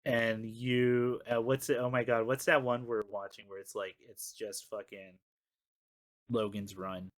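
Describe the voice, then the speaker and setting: A man's voice: medium pitch, flat delivery, unhurried. A man co-hosting a casual podcast chat, teasing his friend in a playful way. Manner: teasing, playful, pleads loudly in jest. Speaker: podcast co-host.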